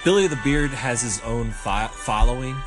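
Lively podcast host man with music behind. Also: mid-range voice, moderate pace. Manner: reactive, exclaiming, joking. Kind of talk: casual chat.

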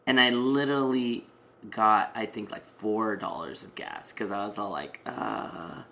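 A man's voice: fairly low pitch, animated, unhurried, pushed and bright. A man casually telling a personal story, rambling with many fillers and restarts.

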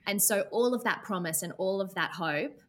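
A woman's voice: mid-range voice, moderate pace. A woman, co-hosting a podcast, asking sympathetic questions in casual chat. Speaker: podcast co-host.

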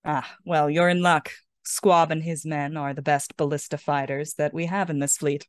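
A woman voicing a calm, commanding pirate queen who speaks slowly and softly with a sly edge. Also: low-pitched, no room sound, close to an everyday voice. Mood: cool, commanding. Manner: slow, soft and sly.

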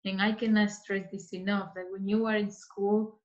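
A woman's voice: medium pitch, flat delivery, normal speed. A woman interior designer giving career advice in a casual interview, earnest and repeating herself as she searches for words. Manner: earnest, speaks in restarts and repeats. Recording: slightly dull lo-fi sound.

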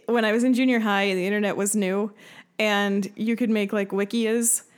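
A woman's voice: mid-range voice, steady tone, clean tone. A young American woman hosting a podcast, chatting casually with playful, giggly humor. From United States. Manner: playful, giggly and quick with jokes. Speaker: podcast host. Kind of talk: casual chat.

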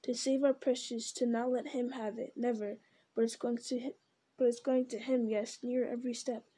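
A pitiful, greedy male creature bickers with himself in a whining, wheedling murmur, put on by a woman reading a storybook. The voice sits a little high yet dark and mellow in tone. It stays narrow in its rise and fall. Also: level tone, moderate pace, husky. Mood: scheming. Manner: whining, wheedling, hissing repetitions. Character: wretched creature, male, split into two bickering selves.

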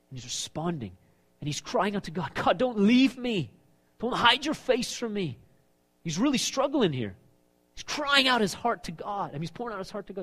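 Animated male pastor preaching. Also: fairly high pitch, slightly rough. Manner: animated preaching, acting out quoted voices. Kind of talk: sermon.

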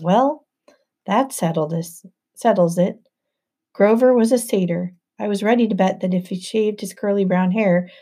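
Mellow-voiced woman reading a novel. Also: medium pitch, breathy edge. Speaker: audiobook narrator. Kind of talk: first-person novel narration.

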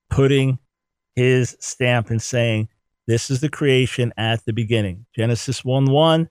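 A man's voice: mid-range voice, measured pace, no room sound. A man giving an emphatic theology teaching talk, repeating words to drive points home. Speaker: Bible teacher.

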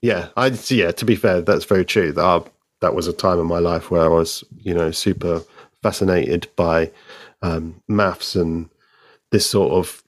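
A male podcast guest in casual chat about comics, speaking in a measured, thoughtful way with drawn-out phrases. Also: low voice, steady tone, dry recording. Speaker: podcast guest, co-host of another show.

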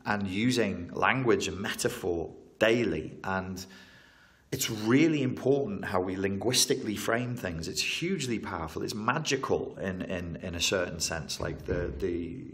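A low-voiced man talking through trauma as a therapist in an interview. He stacks emphatic repeated phrases and breaks off to reword himself mid-sentence. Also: measured pace. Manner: animated, repetitive, emphatic, self-correcting. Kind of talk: interview explanation.

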